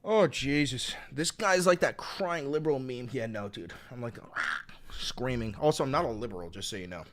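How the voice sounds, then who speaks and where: Excitable and profane, a streamer at medium pitch reacts live to his chat. Sudden shouts punctuate his talk, along with rapid strings of repeated words.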